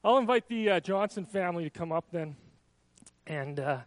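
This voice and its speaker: A man's voice: high-pitched, lively intonation, moderate pace, no room sound. A male pastor leading a baby dedication in a casual, chatty way with frequent restarts. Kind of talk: church service announcements and baby dedication.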